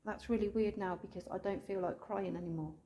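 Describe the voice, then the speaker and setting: An English woman ghost hunter calling out to spirits indoors, speaking slowly and tenderly, sometimes tearful, recorded on a handheld camera. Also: mid-range voice, steady tone. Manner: soft, pleading, slow and tender, calling out with endearments. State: tearful at times.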